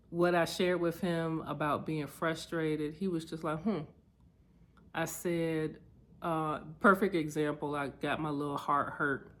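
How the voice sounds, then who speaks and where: A woman sharing personal memories in a reflective vlog, candid and heartfelt, getting lively as she tells stories. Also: sits low. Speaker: vlogger.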